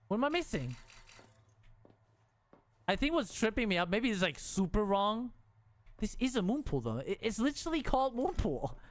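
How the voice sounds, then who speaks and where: A man's voice: a little high, no room sound. A man streaming a game, talking casually to himself and the game, frustrated and joking as he builds. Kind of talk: casual gameplay commentary.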